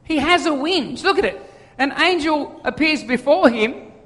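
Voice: sits high, animated, measured pace, fairly bright tone. Preacher in a reverberant hall. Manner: conversational, joking storyteller. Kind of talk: sermon. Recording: long reverb of a large hall.

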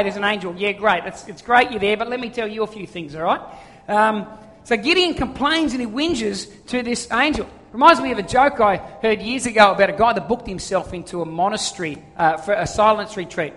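A preacher delivers a sermon in a casual, storytelling way, mixing scripture with humour. The voice sits at a middle pitch. It rings out with the long reverb of a big hall. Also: sharp tone. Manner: conversational, joking storyteller.

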